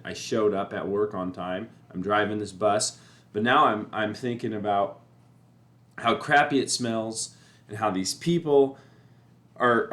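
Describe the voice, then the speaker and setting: A man talking in a casual, rambling way about staying calm, repeating himself and getting animated when he describes panicking. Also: fairly low pitch. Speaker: motivational speaker. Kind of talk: casual spoken reflection.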